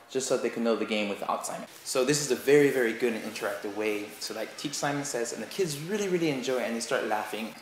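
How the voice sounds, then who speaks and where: Animated man explaining a classroom game. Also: mid-range voice, slight background noise. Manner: animated, acts out kids' voices. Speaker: English teaching assistant. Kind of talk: casual tutorial vlog. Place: school classroom. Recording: roomy classroom echo.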